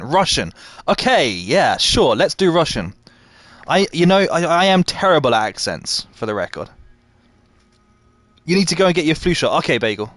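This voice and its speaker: A man with a voice on the high side and a fairly bright tone, captured with no echo. He chats casually during his live game stream, reading out what viewers say and answering them.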